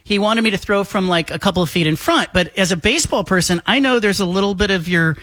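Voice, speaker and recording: A man telling a lively anecdote on a talk show, acting out the voices of the people in it. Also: high voice, fast talker, dry recording, studio quality. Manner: animated, acts out quoted voices. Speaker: guest. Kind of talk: casual storytelling.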